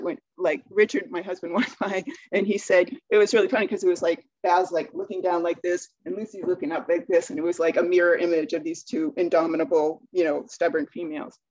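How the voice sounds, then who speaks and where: Chatty middle-aged woman with a mellow voice. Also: lowish voice, no echo, dull audio. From Maine. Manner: chatty storytelling, acting out dialogue. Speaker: speaker. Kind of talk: webinar talk.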